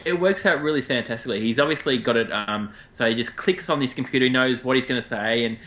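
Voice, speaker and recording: A male podcast co-host chats casually with plenty of enthusiasm. His voice is mid-pitched and his reactions are quick. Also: fairly bright tone. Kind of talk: casual chat.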